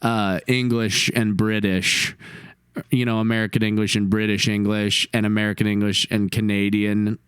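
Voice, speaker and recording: A man's voice: fairly low pitch, little pitch movement, moderate pace, fairly bright tone, smooth, no room sound. Joking man on a dry podcast mic. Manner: jokey, puts on silly voices and Southern drawls. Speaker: podcast co-host. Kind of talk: casual chat.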